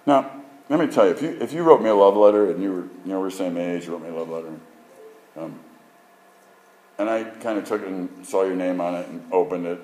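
Male preacher, sermon, low voice, animated, jokey, emphatic storytelling. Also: brisk, poor audio.

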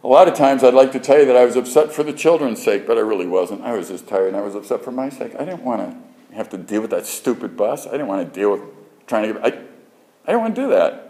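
A man's voice: medium pitch, animated, fast talker, mellow. A man preaching a sermon in a conversational way, with frequent restarts, building to emphatic points. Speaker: preacher and radio host.

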